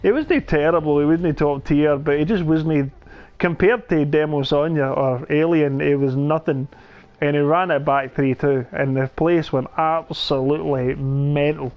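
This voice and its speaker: A young man, telling animated stories and laughing in a casual gaming chat. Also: on the high side, a little slow, highs cut off. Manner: animated storyteller, laughs mid-sentence, says "aye". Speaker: podcast co-host.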